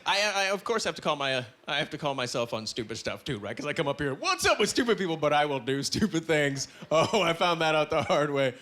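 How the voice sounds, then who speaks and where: A young man from Canada works a comedy club crowd, his voice pitched high and swinging widely as he acts out the people in his stories. He keeps checking in with "right?" between lines. The live stage recording carries a steady hiss under him. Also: a little fast, few pauses. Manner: animated storytelling with acted-out quotes, frequent "right?". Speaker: stand-up comedian. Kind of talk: stand-up comedy set. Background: audience laughter.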